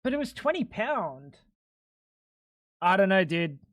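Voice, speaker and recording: A young man is live streaming and joking loosely with his chat, swearing freely and jumping into high, incredulous squeaks when something baffles him. He's very animated but keeps a measured pace. The recording is dry and studio quality.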